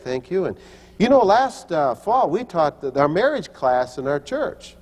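A man's voice: fairly high pitch, very animated, measured pace, slightly rough. Older man preaching in a reverberant hall. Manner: storytelling, acts out quoted voices, frequent restarts. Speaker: pastor and teacher. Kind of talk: sermon with personal stories.

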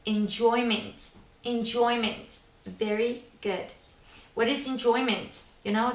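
Slow, encouraging woman teaching words. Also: mid-range voice, gravelly. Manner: encouraging, repeats each word slowly for learners. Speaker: English teacher. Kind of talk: vocabulary lesson with repeat-after-me drills. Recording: roomy echo, from a distance.

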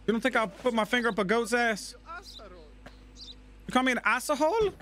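A man commentating his own gameplay, loud and crude, breaking into excited shouts. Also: very high voice, normal speed, a little hiss or hum. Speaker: gaming channel host.

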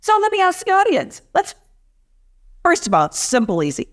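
A woman's voice: very high voice, huge pitch swings, normal speed. A woman making a playful, mock-formal debate case in a chatty way.

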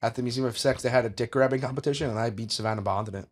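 A young man hosting a podcast, teasing his guest in jokey, rapid-fire banter. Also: mid-range voice, husky. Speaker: podcast host. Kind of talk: joking interview banter.

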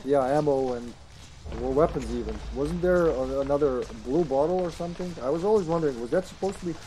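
Streaming a survival horror game online, a man chats casually and animatedly as he plays, swearing now and then and slipping into quick put-on voices. His voice sits a little high, with slight background noise behind it.

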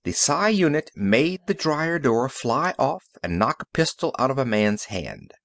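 A calm, confident inventor, read by a man who talks briskly and matter-of-factly, his pitch moving a lot. Recorded close and dry, audiobook style. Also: creaky, no echo, exaggerated voice. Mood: assured. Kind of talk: audiobook character reading.

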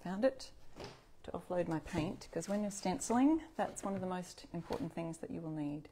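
A woman's voice: lowish voice, animated, normal speed, warm tone, a little hiss or hum. A woman hosting a live upcycling stream from home, chatting to viewers, reading out their comments and correcting herself as she works. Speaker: craft livestream host. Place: home craft space.

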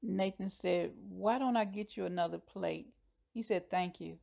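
A woman's voice: mid-range voice, a little slow, gravelly, dark tone. A woman casually retelling a TV episode scene by scene, briefly voicing the characters' lines. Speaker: show recapper.

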